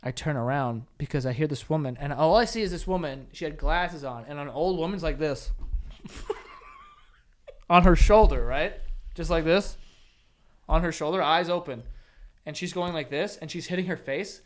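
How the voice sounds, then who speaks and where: A man's voice: a little high, normal speed, pauses often. A man co-hosting a podcast, telling a rambling, profane story in casual chat. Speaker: podcast co-host.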